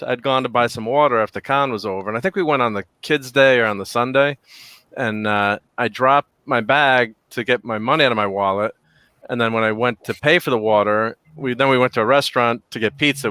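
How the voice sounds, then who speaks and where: A man's voice: mid-range voice, fairly quick, pushed and bright, smooth, dry recording. A man hosting a casual group video chat, telling a rambling story with frequent laughs and fillers. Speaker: podcast host.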